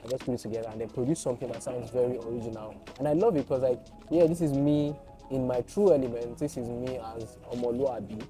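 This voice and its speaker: A young Nigerian man with a Nigerian accent chats in an easygoing interview, often breaking into laughter and poking fun at himself. Clear music plays behind his voice. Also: mid-range voice, fast talker. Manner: laughing, playful, self-deprecating. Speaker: guest content creator and voiceover artist. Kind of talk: casual interview chat.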